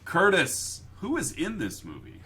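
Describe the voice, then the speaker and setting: A man's voice: sits high, wildly swooping pitch, measured pace, pushed and bright, slightly rough. A young adult man co-hosting a movie podcast, joking and rambling with many restarts. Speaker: podcast co-host. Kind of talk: casual chat.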